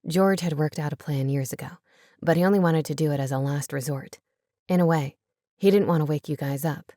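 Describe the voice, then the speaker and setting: A woman's voice: low voice, a little fast, mellow, dry recording, studio quality, voice pushed down, natural voice. A woman voicing a tired middle-aged man who gives in easily, in a storybook reading. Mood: weary. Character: weary middle-aged man, reluctant leader.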